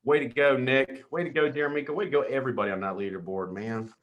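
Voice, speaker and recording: A man hosting a weekly team sales call, reading out leaderboards with hyped shout-outs, calling people dude and brother. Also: mid-range voice. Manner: hyped, calls everyone dude and brother, quick asides.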